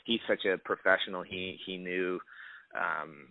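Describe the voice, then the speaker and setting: A man's voice: deep voice, steady tone, unhurried, vocal fry, no echo. A young adult man, an actor, answering interview questions in a casual, rambling way with many restarts. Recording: dry tinny phone-line audio.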